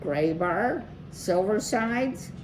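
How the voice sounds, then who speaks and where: A woman reading aloud, voicing a tiny sleepy male mouse bassist with a soft drawl. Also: animated, extremely slow, noisy background.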